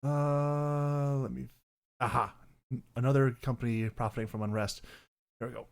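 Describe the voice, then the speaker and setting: A young male podcast host chats casually on stream in a mid-range voice that is gravelly yet smooth, with little pitch movement and normal speed. He rambles, corrects himself mid-sentence, and bursts into loud mock voices.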